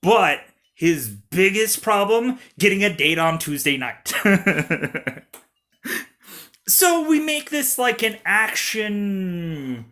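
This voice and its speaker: A man's voice: high voice, very animated, very slow, pushed and bright. A young man giving casual gaming commentary, rambling and giggling, full of filler words. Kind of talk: casual let's-play commentary.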